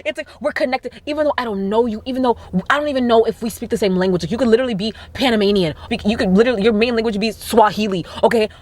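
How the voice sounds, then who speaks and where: Gushing young woman vlogger, higher voice. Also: racing. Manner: gushing, animated, lots of fillers and exclamations. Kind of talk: casual chat to camera. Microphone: camera mic.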